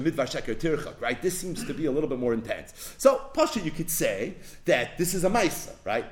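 Animated high-voiced man teaching Torah. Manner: animated, poses rhetorical questions and answers them; quotes verses in a slow recitation. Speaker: rabbi teaching a text class. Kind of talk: Torah lecture.

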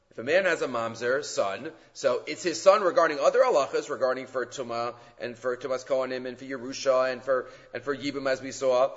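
A man teaching a Talmud class, explaining Jewish legal sources with animated emphasis and many Hebrew and Aramaic terms. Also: mid-range voice, brisk, few pauses. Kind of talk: lecture on Jewish law. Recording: muffled sound in a reverberant room.

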